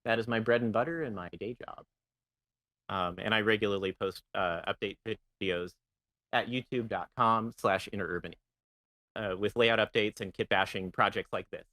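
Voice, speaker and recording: A man's voice: fairly low pitch, normal speed, pushed and bright. A man presenting slides on a casual podcast, talking with many ums and uhs. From San Francisco Bay Area. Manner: chatty, filler-heavy, plugging links. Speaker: guest presenter, model railroad builder.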